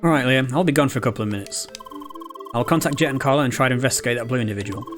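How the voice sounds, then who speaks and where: A man voicing a calm, formal guide character who explains things in measured, proper speech. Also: medium pitch, lightly acted. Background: game music.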